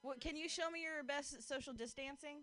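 High-pitched, brisk, bright, and forceful, this woman's voice carries a casual stand-up set performed outdoors on a street corner. The comedian works the crowd, leans heavily on "like," and laughs at her own material.

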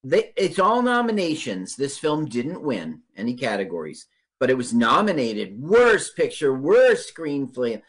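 A man chats on a podcast, riffing on a bad movie with a lively, up-and-down pitch. He talks casually and jokes along, sometimes slipping into playful put-on voices. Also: measured pace. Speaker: podcast co-host. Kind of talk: casual movie-riff chat.

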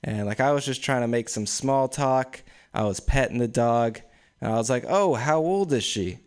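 Young man doing deadpan stand-up. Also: medium pitch, normal speed, smooth. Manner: casual, deadpan storytelling with frequent laughs. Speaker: stand-up comedian. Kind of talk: open mic stand-up set. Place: small room with few people. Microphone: stage microphone.

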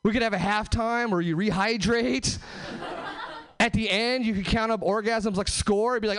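Male stand-up comedian, high voice, very lively pitch swings, punchy delivery, club stage mic. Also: moderate pace, clear, resonant tone. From Southern California. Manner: animated, punchy, swings between high and low voices for effect.

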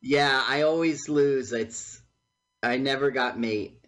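A man co-hosting a podcast, making puns and quick reactions while watching a movie. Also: mid-range voice, fairly bright tone. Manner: playful punning, quick reactions. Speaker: podcast co-host. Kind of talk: casual movie-watching chat.

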